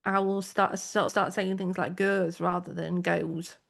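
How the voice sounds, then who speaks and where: A woman's voice: lowish voice, flat delivery, normal speed, creaky. A woman with a South Yorkshire accent, co-hosting a podcast in casual chat that wanders into tangents. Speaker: podcast co-host.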